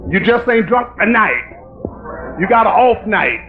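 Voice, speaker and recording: Very high, gravelly fiery preacher man. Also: very animated, unhurried, music in the background. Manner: fiery, rising into shouted preaching. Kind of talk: sermon. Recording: tinny lo-fi recording with faint hiss.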